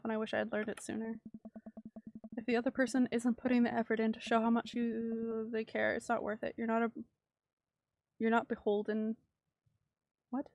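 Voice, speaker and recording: An earnest, caring father, read by a woman in a game, offers his daughter patient, reassuring advice. The delivery is steady and level and pitched fairly high. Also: a little hiss or hum, lightly acted. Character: caring single dad, gentle and earnest.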